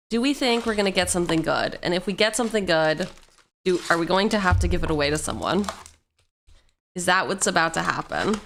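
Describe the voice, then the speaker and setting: A woman's voice: fairly low pitch, animated, moderate pace, pauses often, fairly bright tone, a little hiss or hum. A woman streamer chatting casually and joking as she opens card packs on a livestream. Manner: playful, jokey asides, sings snatches of song.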